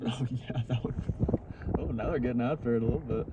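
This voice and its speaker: A man's voice: medium pitch, fairly even intonation, quick pace, muffled recording, very noisy. A man chatting casually outdoors in a national park, slangy and teasing. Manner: laid-back, slangy, teasing. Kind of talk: casual chat off camera. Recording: distant voice under loud music.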